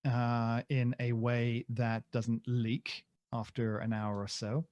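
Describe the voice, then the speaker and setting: A man's voice: mid-range voice, little pitch movement, takes it slowly, darkish tone, dry recording, muffled recording. Podcast co-host, male, loose and self-mocking, dry close mic. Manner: rambling, jokey, self-deprecating. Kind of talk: casual chat.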